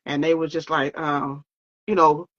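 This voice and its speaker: A woman with a slightly low voice recounts her story in an interview. She talks in a loose, conversational way, full of fillers and quoted exchanges. The recording sounds dull and lo-fi. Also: level tone, measured pace, a bit bright. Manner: conversational, often quoting others, many fillers.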